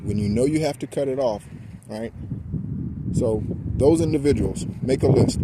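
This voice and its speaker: Man preaching over loud traffic. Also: medium pitch, normal speed. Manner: rambling, preachy, self-correcting. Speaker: spiritual guidance host. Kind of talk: casual spiritual pep talk. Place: outdoors near traffic. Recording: loud outdoor traffic noise. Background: street and car noise.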